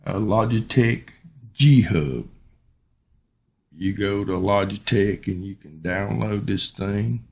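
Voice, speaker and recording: A man with a drawl talks through a product review in a deep, gravelly voice with a husky edge. He takes his time, wandering through his points with plenty of ums and uhs. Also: darkish tone. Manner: rambling and unhurried, many ums and uhs. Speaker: YouTuber reviewing his microphone. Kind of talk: casual unboxing and product review.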